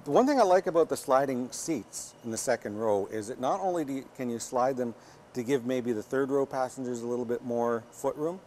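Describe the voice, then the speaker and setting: A man's voice: mid-range voice, lively intonation, a little fast, a little mellow, a little hiss or hum. A man with a Canadian accent co-hosting a car review, explaining practical features with dry quips. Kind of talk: casual banter reviewing a vehicle.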